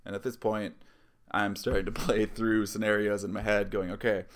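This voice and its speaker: A man's voice: on the low side, level tone, moderate pace. A man vlogging and casually telling a first-person story, rambling with lots of fillers and asides.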